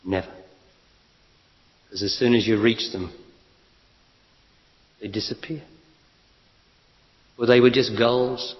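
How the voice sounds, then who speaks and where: A man speaks bluntly and with emphasis, driving a spiritual talk with rhetorical questions. His voice sits at an ordinary middle pitch. The recording is dull and lo-fi, with a long hall reverb trailing behind him. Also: steady tone, slow, long pauses. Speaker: spiritual teacher. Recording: lo-fi echoey hall.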